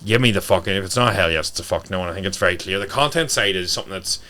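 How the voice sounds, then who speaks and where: Fast-talking blunt man. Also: low voice. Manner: blunt, sweary, animated. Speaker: guest, fitness coach. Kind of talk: casual podcast talk.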